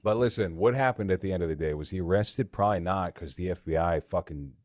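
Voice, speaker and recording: A man's voice: low-pitched, fast, darkish tone, no echo, studio quality. A man co-hosting a podcast in crude banter, blunt and provocative, cutting in with gross-out jokes. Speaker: podcast co-host.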